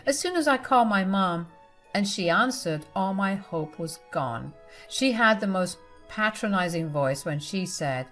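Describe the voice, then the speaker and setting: A woman's voice: mid-range voice, lively intonation, measured pace, a bit bright, faint music behind. Woman telling a personal drama story. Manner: confiding and emotional, addressing listeners directly. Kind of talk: first-person story narration.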